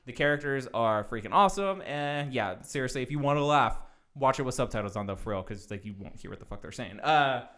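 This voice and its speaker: A man's voice: medium pitch, expressive, fairly quick, fairly bright tone. A man co-hosting a casual show-review chat, jokey and loose, swearing freely. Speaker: podcast co-host.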